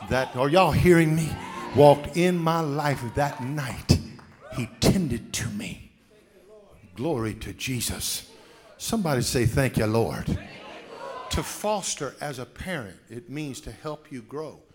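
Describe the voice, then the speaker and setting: A man pastor preaching a sermon with call-and-response, dropping soft then rising to shouts. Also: fairly high pitch, animated, slow pace, soft background music. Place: church sanctuary.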